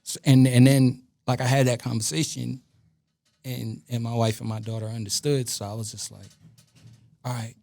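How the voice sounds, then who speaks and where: A man from Brooklyn, New York, a DJ and producer, guests on a casual podcast, where he recounts anecdotes with lively acted-out dialogue and heavy profanity. His voice shows vocal fry, with a medium pitch and moderate pace, and there is no room sound.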